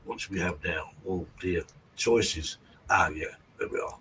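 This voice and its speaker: A man's voice: sits low, fairly even intonation, unhurried, sharp tone, a little hiss or hum, poor audio. A man hosting a live stream, chatting casually and laughing often. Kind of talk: casual chat.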